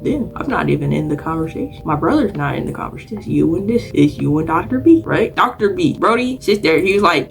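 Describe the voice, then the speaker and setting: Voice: mid-range voice, lively intonation, a little fast, creaky, few pauses. A young adult student from Dallas, Texas, telling school stories in a casual storytime vlog, chatty and digressive, often correcting themselves mid-sentence.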